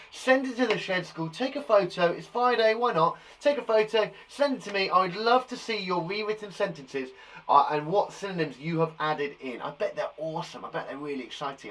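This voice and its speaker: A man's voice: high voice, fairly bright tone, poor audio. A man teaching a live online lesson to young children, enthusiastic and encouraging as he praises their work. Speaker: primary school teacher. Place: garden shed.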